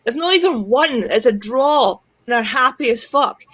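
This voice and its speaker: A woman's voice: on the high side, lively intonation, measured pace, a bit bright, husky, no room sound, poor audio. Laughing Scottish woman, dry sound. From Scotland. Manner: swears freely, laughs through rambling stories. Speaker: livestream guest. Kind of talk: casual chat.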